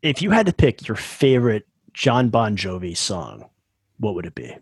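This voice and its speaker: Guy hosting a quiz on a podcast, jokey, slightly husky voice, dry sound. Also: lowish voice, wildly swooping pitch, moderate pace, no echo. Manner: joking, laughs often. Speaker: podcast host running a quiz game. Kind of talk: casual chat.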